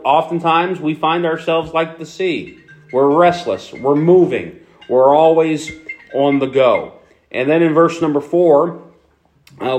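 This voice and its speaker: A man with a Philadelphia accent preaching a sermon to his congregation, conversational, with many fillers and restarts. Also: fairly high pitch. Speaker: pastor.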